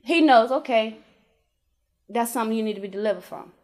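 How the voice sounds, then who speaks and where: A woman with a notably high voice recounts her faith testimony in a relaxed interview. She talks colloquially and emphatically, acting out the voices in her conversations. Her delivery climbs into lively exclamations. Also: fairly quick, slight background noise. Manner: animated storyteller who acts out dialogue with God and her kids.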